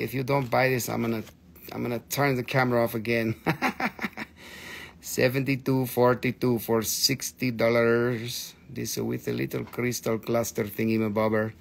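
Gravelly-voiced man hawking crystals live. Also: medium pitch. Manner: excitable, swears freely, coaxes viewers to buy. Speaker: host selling crystals on a live stream. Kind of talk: live sales stream chat.

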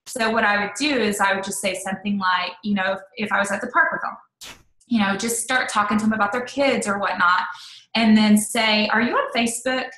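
A woman in her thirties tells a personal story in a chatty, animated way, full of "like" and quoted asides. Her voice is bright and forceful. The recording has the echo of a roomy space. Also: mid-range voice, fairly quick. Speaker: network marketing leader, interview guest. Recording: echoey room.

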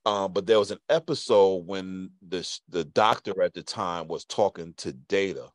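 A man from Brooklyn hosting a podcast, chatting casually with a guest in a relaxed way, with lots of fillers. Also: low voice, moderate pace, dry recording. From Brooklyn, New York. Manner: relaxed, warm storytelling with many fillers. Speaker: podcast host. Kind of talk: casual interview chat.

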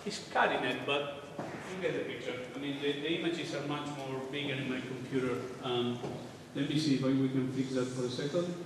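A man's voice: mid-range voice, steady tone, fairly quick, far from the mic, background noise. A man giving an informal, irreverent architecture lecture, sometimes swearing, in a large lecture hall. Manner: casual, irreverent, occasionally swearing. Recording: echoey hall, voice from afar.

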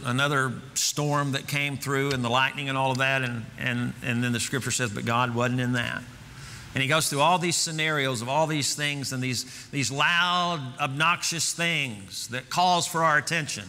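A man preaching in a church with a bright, forceful tone that rings out through a long hall reverb. He speaks earnestly and repeats key phrases as he builds to fervent emphasis. A faint room hum sits behind him. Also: medium pitch. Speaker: pastor. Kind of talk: sermon. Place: church sanctuary.

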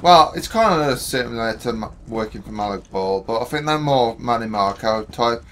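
Rambling young gamer, bright tone. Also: male voice, mid-range voice, lively intonation, normal speed, slight background noise. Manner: rambling, hesitant, playful. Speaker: gaming channel co-host. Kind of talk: casual gameplay banter.

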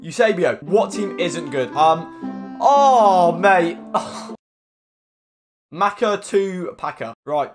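A young man giving cheeky, excitable commentary on his gameplay, yelping at the plays. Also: high voice, very slow, over loud music. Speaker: gaming YouTuber.

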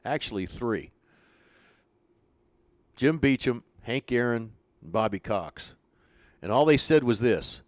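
An older man spins stories from his coaching years, slipping into the voices of the people he quotes. His pitch sits in the middle for a man, and the sound is dry and close with little room around it. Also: slow pace, pauses often, no echo. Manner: animated storyteller, acts out quoted dialogue. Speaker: former pitching coach, interview guest. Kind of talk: storytelling in an interview.

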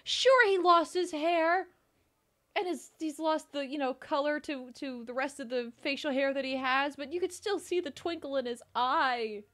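Giggly high-voiced woman streamer. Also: moderate pace, few pauses, fairly bright tone. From New Jersey. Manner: giggly, chatty, thanks viewers and reads out tutorial text. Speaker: game streamer. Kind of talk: casual live-stream gaming chat.

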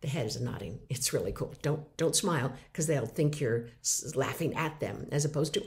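A middle-aged woman giving a lively mini lecture on listening, acting out example replies. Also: very deep voice, moderate pace, few pauses.

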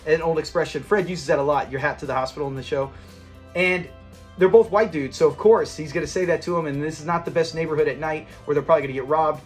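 High-voiced man recapping with enthusiasm. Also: fairly even intonation, fast, soft background music. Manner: enthusiastic, rambling retelling. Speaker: episode reviewer. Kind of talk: casual episode recap.

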